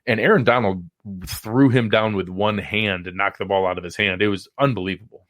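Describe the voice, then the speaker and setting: A man's voice: on the low side, steady tone, brisk, a bit bright, dry recording, studio quality. A man co-hosting a post-game sports talk show, breaking down plays in emphatic detail. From Buffalo area. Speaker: podcast co-host.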